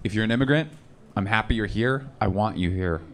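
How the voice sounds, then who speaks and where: Deadpan man on a club stage. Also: on the low side, a little fast, a little hiss or hum. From Seattle area. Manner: conversational, deadpan punchlines, shouts impressions of angry people. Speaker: stand-up comedian. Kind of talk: live stand-up set. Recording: live club recording with crowd laughter. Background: audience laughter.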